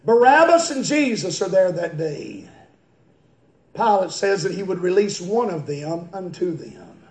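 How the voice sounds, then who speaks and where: A male pastor preaching a fiery sermon in a church, swinging from quiet, slow reading to high, shouted preaching. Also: expressive. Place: church sanctuary. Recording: echoey church room.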